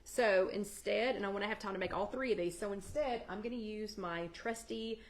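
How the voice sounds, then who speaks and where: A woman's voice: mid-range voice, a little fast. A woman hosting a live chat, casually walking viewers through a recipe and answering their comments by name from her home kitchen. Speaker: host of a live weight-loss chat. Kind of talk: casual cooking demo on a livestream.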